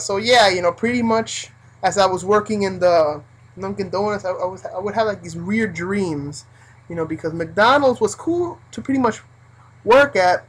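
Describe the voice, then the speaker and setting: Husky young adult rambling through work stories. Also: mid-range voice, rough recording. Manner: rambling, heavy use of like and you know. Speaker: vlogger recounting fast-food job. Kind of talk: casual storytelling.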